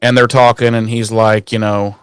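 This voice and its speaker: A man co-hosting a podcast, casually recapping a TV episode with crude jokes and quick character impressions. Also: on the low side, level tone, fairly bright tone, clear, resonant tone, dry recording. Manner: profane, jokey, acts out characters in quick voices. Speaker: podcast co-host.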